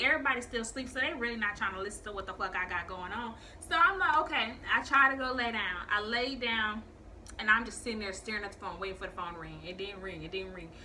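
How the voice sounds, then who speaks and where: Bright-voiced young woman telling a storytime. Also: fairly high pitch, slight background noise. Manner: profane, animated storytelling with quoted voices. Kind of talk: casual storytime vlog.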